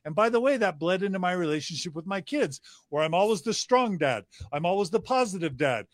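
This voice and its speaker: Man, middle-aged, earnest reflective talk, restarts, higher-pitched, dry recording. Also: very animated, brisk, dry recording. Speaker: podcast guest. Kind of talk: casual conversation.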